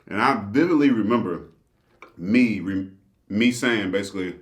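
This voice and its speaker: A man with a low voice talks casually to his viewers, upbeat and chatty as he eats. His voice bounces around a roomy indoor space. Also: animated, moderate pace. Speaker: channel host. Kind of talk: casual vlog talk to viewers. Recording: roomy echo.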